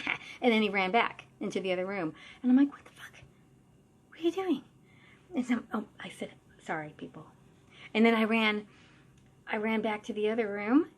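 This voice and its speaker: A woman tells a story to camera in a chatty, animated way, piling on asides. She talks bluntly and swears without fuss, in the easy tone of someone who works as a psychic medium. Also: medium pitch.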